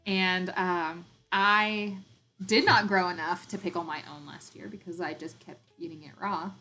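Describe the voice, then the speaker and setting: A woman with a light Southern Arkansas accent hosting a casual homesteading live-stream chat. She rambles, laughs often and fills pauses with ums. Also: on the low side, fairly even intonation, bright, forceful tone, soft background music, rough recording. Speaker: homesteading channel host.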